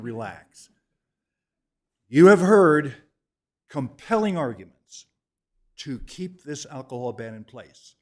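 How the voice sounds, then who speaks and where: Man from Kentucky, mid-pitched, oratorical and emphatic, leaning hard on his key words. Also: darkish tone. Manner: emphatic, oratorical, repeats for effect. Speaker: resident speaking at public comment. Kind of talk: public comment at a council meeting.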